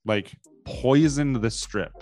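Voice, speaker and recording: A man's voice: mid-range voice, darkish tone, faint music behind. A man hosting a casual chat, directing the others and stumbling over repeated words as he hurries. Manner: directs the group, quick, repeats himself.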